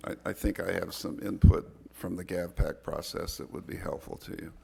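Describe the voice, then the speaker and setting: A man, an advisory committee chair, giving public comment at a county board meeting, reading earnestly and fast with small stumbles. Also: sits low, little pitch movement, vocal fry, darkish tone, a little hiss or hum.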